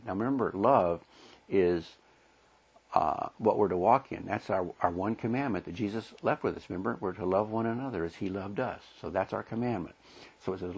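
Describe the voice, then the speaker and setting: A man teaching a Bible class lesson in a plain, conversational way, pausing to explain the verses. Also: sits low, vocal fry, husky, highs cut off.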